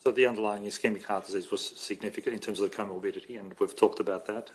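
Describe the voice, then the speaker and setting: A man's voice: lowish voice, fairly even intonation, racing, a little hiss or hum, poor audio. An Australian man giving expert medical testimony at an inquest, hesitant and correcting himself as he thinks aloud.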